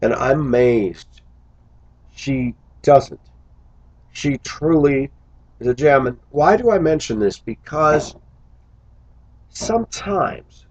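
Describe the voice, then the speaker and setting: A man's voice: medium pitch, a little mellow, muffled recording. A man talking to his viewers in a casual vlog monologue, musing aloud and breaking into exclamations. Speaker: vlogger.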